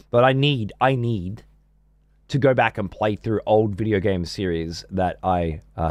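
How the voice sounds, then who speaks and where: A man's voice: mid-range voice, no room sound. Rambling, profane male game streamer. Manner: rambling, profane, restarts often. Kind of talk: casual gaming stream chat.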